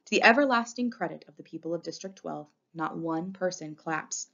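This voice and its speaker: A woman narrates a novel in the first person with a low voice and a gravelly edge. Her reading is expressive and dramatic, and the recording sounds dull and lo-fi. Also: brisk. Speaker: audiobook reader. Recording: dull lo-fi audio.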